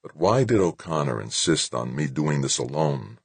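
A man's voice: very deep voice, very animated, normal speed, vocal fry, husky, dry recording, full character voice. A man reading an audiobook, voicing a jittery male assassin scolding himself. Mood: nervous. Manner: nervous, self-scolding.

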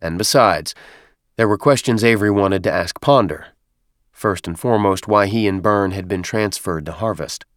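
A male narrator reads a story aloud in a low, steady voice. His delivery is even and measured. The sound is dry and close to the mic. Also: dry recording. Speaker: audiobook narrator. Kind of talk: scripted narration.

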